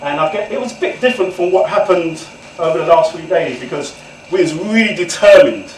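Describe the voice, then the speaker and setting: A higher-voiced man in his forties shares his life story with a live audience in a candid, conversational way. He keeps turning to the listeners to draw them in. His voice reaches the mic from a distance, echoing off the walls of the room over faint background ambience. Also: animated, brisk, slight background noise. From England. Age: 40s. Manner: candid, conversational, often addresses the audience directly. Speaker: guest author speaker. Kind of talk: personal storytelling talk to an audience. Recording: echoey room, far from the mic.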